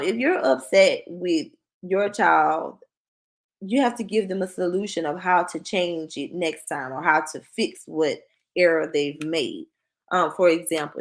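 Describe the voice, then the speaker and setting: A woman who works as a school counselor, giving a conversational parenting workshop and acting out short parent-child exchanges. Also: fairly low pitch. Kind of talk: presentation to parents.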